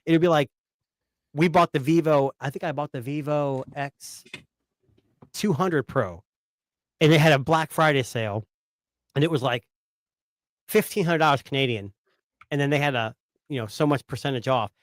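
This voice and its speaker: A man's voice: a little high, moderate pace, long pauses, no room sound, studio quality. A man in his thirties, a father of three, rambling casually about buying phones, with lots of fillers. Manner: rambling, filler-heavy storytelling. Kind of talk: casual tech chat.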